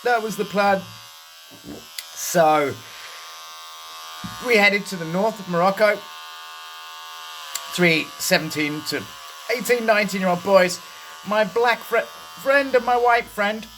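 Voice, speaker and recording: A British man casually telling a funny story from his youth while his head is shaved, relaxed and swearing freely. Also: background noise. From Britain. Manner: slow, laid-back, swears freely; puts on a high voice when quoting others. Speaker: host.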